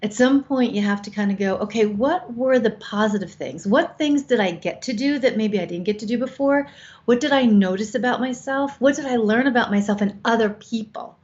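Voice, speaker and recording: A woman's voice: on the high side, brisk, a little mellow. A woman over fifty co-hosting a show, giving frank, coaching advice with casual swearing. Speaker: co-host. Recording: slightly dull lo-fi sound.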